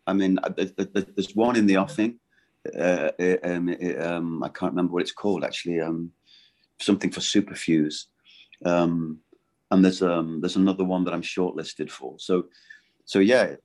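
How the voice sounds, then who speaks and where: Guest voice actor, middle-aged man, deep low voice, halting and rambling chat. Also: steady tone, a little mellow. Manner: rambling, halting and self-correcting. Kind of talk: casual interview chat.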